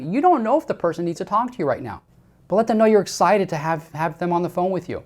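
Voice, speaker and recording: A man's voice: high-pitched, sing-song, fast. An emphatic man leads a sales training session, speaking directly to his listeners. He repeats his key points and gives firm, step-by-step instructions in the manner of a seasoned coach. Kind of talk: sales training talk to camera.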